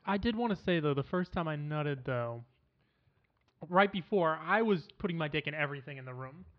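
High-voiced young man joking around. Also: lively intonation, brisk. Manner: joking, teasing. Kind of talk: casual chat. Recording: dull lo-fi sound.

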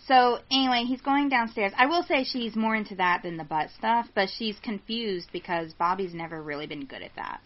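Woman co-host, blunt and profane storyteller, mid pitch, lo-fi sound. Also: a little fast, few pauses. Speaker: podcast co-host. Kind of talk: casual storytelling chat. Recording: dull lo-fi sound.

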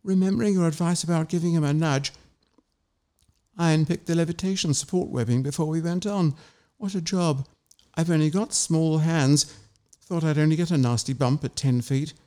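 A man's voice: on the high side, moderate pace, mellow, close to an everyday voice. A timid young woman in love confides her secret in a light, lifted voice, as a man reads her part. The voice stays plain and close to the reader's own. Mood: confiding.

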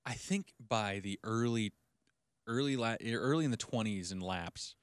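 A man's voice: fairly low pitch, a little slow, clear, resonant tone, dry recording, studio quality. A man co-hosting a casual podcast chat, speaking with enthusiasm and emphasis. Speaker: podcast co-host.

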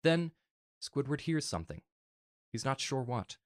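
A man earnestly reading a fan story aloud in a soft, emotional way. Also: mid-range voice, sing-song, measured pace, no room sound, studio quality. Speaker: narrator.

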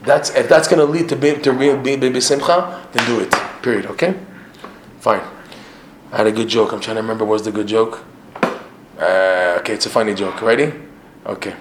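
A man teaching a religious class to his regular students, animated, firing off rhetorical questions and often repeating himself. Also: on the low side, a little fast, long pauses, background noise. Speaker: Torah teacher. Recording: echoey room, faint ambience.

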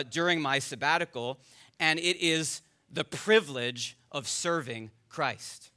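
A man's voice: a little high, pushed and bright, clear, resonant tone. A man preaching a sermon as pastor, earnest and rising to emphatic peaks, at times addressing the children directly.

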